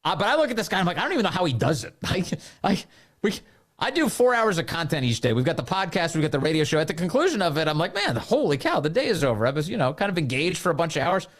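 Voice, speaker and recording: A man hosting a political commentary podcast, sarcastic and mocking as he picks apart the clips he plays. His voice sits a bit higher than most men's. It has a quick, conversational edge. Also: animated, a bit bright. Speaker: podcast and radio host.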